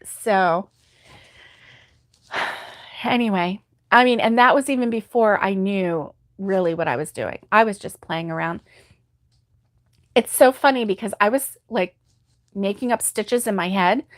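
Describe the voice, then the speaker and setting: A woman's voice: mid-range voice, measured pace, long pauses, no echo, clean studio sound. A middle-aged woman hosting a crochet livestream, chatting casually and sympathetically with viewers and laughing often. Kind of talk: casual live chat reading viewer comments.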